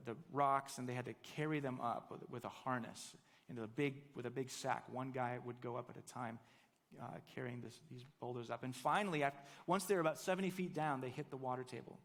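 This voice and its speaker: Earnest man preaching in a reverberant hall. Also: medium pitch. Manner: earnest storytelling, builds to fervent emphasis. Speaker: pastor. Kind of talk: sermon.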